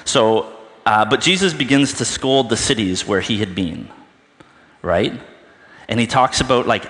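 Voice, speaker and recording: A man's voice: medium pitch, fairly bright tone, big-room sound. A man giving an informal, conversational sermon, thinking aloud and often checking in with "right?". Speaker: preacher.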